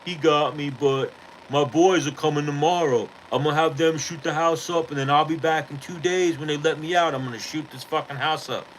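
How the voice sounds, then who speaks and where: A man voicing a hotheaded young male street tough who shouts threats in a higher, wound-up voice while retelling a fight. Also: fairly even intonation, fairly quick, a little hiss or hum, natural voice, low-quality recording. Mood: threatening.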